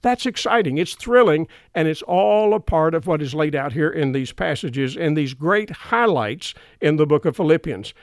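A man's voice: fairly high pitch, lively intonation, normal speed, few pauses, no room sound, clean studio sound. A middle-aged man preaching a sermon earnestly, with emphatic repetition of key phrases.

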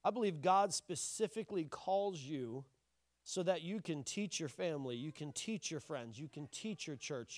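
A man's voice: high voice, dry recording, clean studio sound. A man in his thirties, a pastor, preaching a sermon in a conversational, joking style with bursts of animation.

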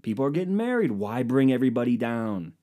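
A man's voice: medium pitch, big pitch swings, fast talker, warm tone. A man in his twenties hosting a podcast from home, telling rambling, self-mocking stories with plenty of swearing into a microphone hooked up to his computer. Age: 20s. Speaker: podcast host. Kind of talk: casual comedic monologue. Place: indoors at home.

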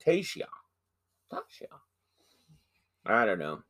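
A man's voice: fairly low pitch, huge pitch swings, slow, fairly bright tone. Male podcast host, loose and jokey, ribbing his co-host. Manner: joking, playful banter with slang. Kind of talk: casual horror podcast chat.

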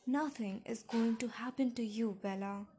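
A woman's voice: on the high side, moderate pace, warm tone, breathy edge. A woman voicing a protective young man who speaks in tense, urgent commands.

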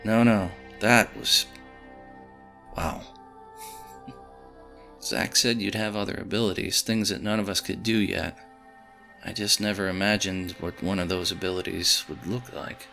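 A man voicing a weathered, wry bearded man who talks in a hushed, joking drawl. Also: deep voice, steady tone, a little slow, vocal fry, long pauses, faint music behind, exaggerated voice.

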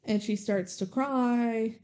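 This female podcast co-host retells a film one scene at a time in a relaxed, chatty storytelling style, leaning heavily on "like". Her voice is on the high side, mellow, and slow.

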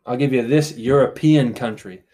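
A man's voice: mid-range voice, normal speed, dark tone. A man hosting a casual quiz game on a podcast, reading out questions and teasing the players with frequent laughter. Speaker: quiz host.

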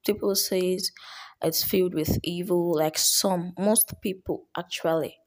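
A woman's voice: on the low side, fairly even intonation, measured pace, noisy background. A woman giving an earnest, casual talk of encouragement, often dropping to a whisper.

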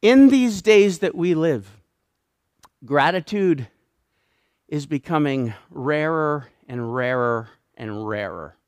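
A Canadian man with a Canadian accent delivers a sermon, driving his points home by repeating phrases with growing emphasis. His voice sits a little high for a man. The sound is close and dry, with no room echo. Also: expressive, slow pace, clean tone. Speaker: pastor.

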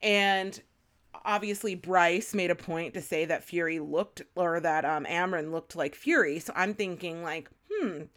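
A woman's voice: fairly low pitch, unhurried, a bit bright. A young woman co-hosting a casual fan podcast, rambling through her thoughts with lots of fillers and swearing, breaking into shrieking laughter. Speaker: podcast co-host.

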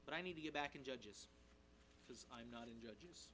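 A male pastor preaching an expository sermon in a conversational, animated way, checking in with his listeners and briefly acting out the characters' lines. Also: medium pitch, background noise. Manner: animated, voices the characters' lines in quick asides. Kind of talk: sermon, expository Bible teaching.

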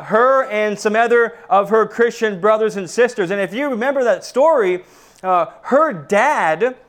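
A man delivers a sermon to his congregation with a fairly high voice. He preaches earnestly, often restarting sentences and doubling words, and calls his listeners brethren. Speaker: pastor. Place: church service.

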